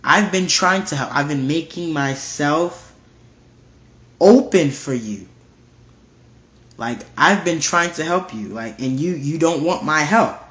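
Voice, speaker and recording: A man with a fairly high voice walks through scripture in a casual, emphatic way, repeating his points over and over. The sound is roomy and a bit dull, as if recorded in a lo-fi setup. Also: lively intonation, slow pace, pauses often, a bit bright. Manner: emphatic and repetitive, reading scripture aloud. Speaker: Bible teacher. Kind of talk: casual verse-by-verse Bible study.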